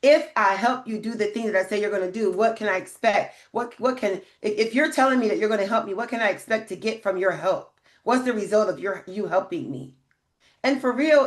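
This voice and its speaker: A woman's voice: mid-range voice, echoey room. A woman hosting a live grant training, chatting emphatically, asking her viewers questions and reading their comments. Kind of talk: livestream business coaching.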